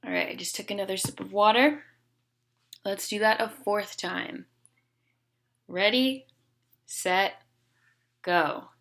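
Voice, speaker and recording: A woman leading a group speech therapy session over a video call, giving patient step-by-step instructions and holding long, loud vowels. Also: mid-range voice, fairly even intonation, moderate pace, creaky. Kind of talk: guided voice exercise session.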